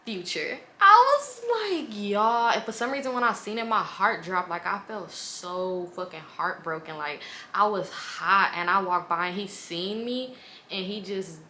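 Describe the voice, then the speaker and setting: A woman in her twenties, vlogging a casual storytime in a blunt, profane, animated way, full of "like" and asides. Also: lowish voice, normal speed, a little hiss or hum.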